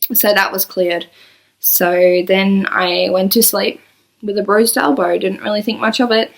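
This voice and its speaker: Creaky-voiced New woman vlogging. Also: mid-range voice. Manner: rambling, apologetic, emotional, many fillers. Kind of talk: personal confessional vlog.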